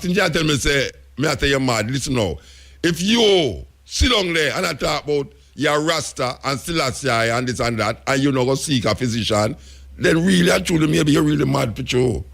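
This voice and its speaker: Gravelly Jamaican man scolding a caller. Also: mid-range voice, fairly bright tone. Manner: exasperated, scolding, interrupting. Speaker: radio talk show host. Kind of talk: call-in radio chat.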